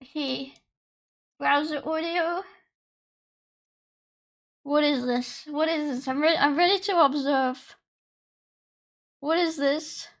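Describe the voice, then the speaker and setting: A woman's voice: high-pitched, fairly even intonation, takes it slowly, pauses often, a bit bright. A young woman streaming as a VTuber, reacting casually, giggling and swearing.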